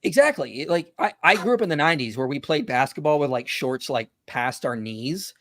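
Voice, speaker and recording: A man's voice: on the high side, expressive, fairly quick, fairly bright tone, dry recording, clean studio sound. A man in his thirties hosting a casual online panel discussion, talking loosely with many fillers and a dismissive tone. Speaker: host.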